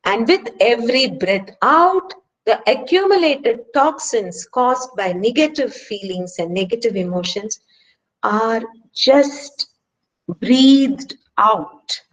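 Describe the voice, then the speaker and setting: This online stress management lecture comes from a woman at home with an Indian English accent, her voice a little high and animated. She takes it slowly and speaks earnestly, driving points home with emphatic rhetorical questions, though the recording is rough.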